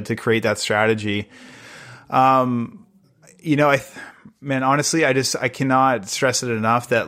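A man's voice: medium pitch, a bit bright. A man talking as a podcast guest, earnest and rambling, with many fillers and restarts. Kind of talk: casual interview conversation.

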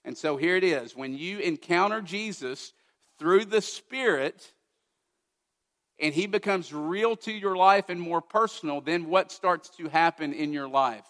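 In a church sanctuary, a male pastor delivers a sermon with a fairly high, rather bright voice at a slightly slow pace, the sound carrying through a large hall. He comes across as earnest and conversational, dropping personal asides to the congregation.

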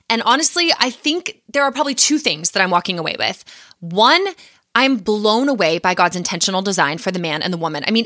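A woman's voice: on the high side, sharp tone, no echo, studio quality. A woman hosting a podcast, upbeat and affirming, chatting with a guest and then wrapping up the episode. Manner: upbeat, affirming, many short back-channel replies. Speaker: podcast host. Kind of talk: casual interview and closing talk.

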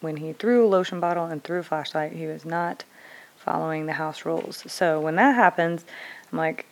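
Low-voiced woman telling a candid story. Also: moderate pace. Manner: candid, conversational, reflective. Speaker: parent vlogger. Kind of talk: casual personal storytelling.

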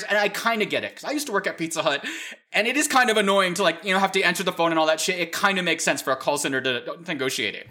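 Guy in his 30s ranting about a dumb story, bright voice, pitch jumping all over, lots of swearing. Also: fast talker. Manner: animated, profane storytelling; exasperated. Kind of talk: casual chat.

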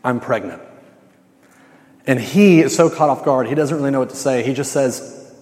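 A man's voice: mid-range voice, brisk, darkish tone, big-room sound. A male campus minister giving a conversational sermon, telling stories with casual slang.

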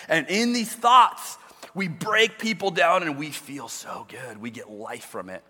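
A man's voice: on the high side, measured pace, sharp tone. A man preaching a sermon as a pastor, talking conversationally with frequent restarts. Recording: long reverb with faint music.

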